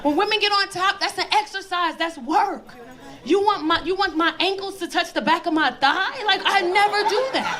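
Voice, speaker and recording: Middle-aged woman comic, high voice, bold and animated delivery, live club set with laughing crowd and room noise. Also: moderate pace. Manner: bold, loud, animated storytelling with put-on voices. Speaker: stand-up comedian. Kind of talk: stand-up comedy set. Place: comedy club stage with a laughing audience.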